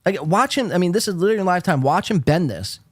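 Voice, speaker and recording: Male podcast host, snarky reaction commentary, lively high-ish delivery. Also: very fast, slightly rough, no echo, studio quality. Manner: sarcastic, profane, rambling. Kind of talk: casual commentary.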